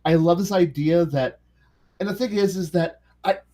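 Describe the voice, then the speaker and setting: A man's voice: high voice, normal speed, dark tone. A man co-hosting a casual podcast about tabletop role-playing games, rambling with many restarts and fillers. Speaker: podcast co-host.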